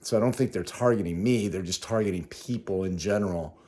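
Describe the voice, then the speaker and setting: Low-voiced man in a rambling vlog recap. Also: fairly quick, mellow. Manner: conversational, rambling, self-correcting. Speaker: travel vlogger. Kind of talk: casual spoken recap to camera.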